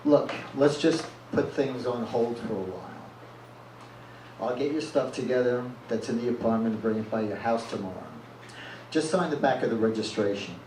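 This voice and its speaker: Cold, stubborn young woman breaking up, read by a man in his own voice, flat and insistent; echoey room, distant mic, noisy. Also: medium pitch, normal speed, natural voice.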